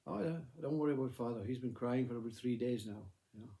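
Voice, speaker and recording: A man voicing a calm, unbothered mother who brushes off her children's worries with soothing patience. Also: medium pitch, fast talker, lightly acted.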